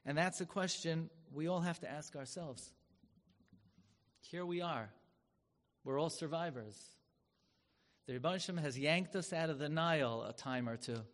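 A man giving a sermon as a story. He talks with drama and turns loud and high when he acts out the people in it. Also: unhurried, long pauses. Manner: dramatic, swells loud and high when acting out quoted rabbis. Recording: long hall reverb.

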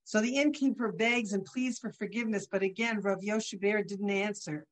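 A woman giving a religious lesson, telling a story in an animated way with some restarts. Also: mid-range voice, normal speed. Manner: animated storytelling with restarts, softening toward the close. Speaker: religious teacher.

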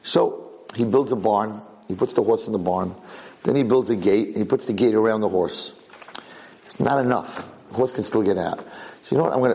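A man's voice: medium pitch, normal speed. A middle-aged man teaching a Torah lesson as a rabbi, telling stories and acting out the characters. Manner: animated storyteller who acts out characters.

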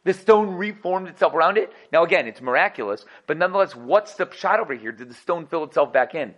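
Fast-talking man teaching Torah. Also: a little high, muffled recording. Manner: animated, rhetorical questions, laughs often. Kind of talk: energetic Torah class.

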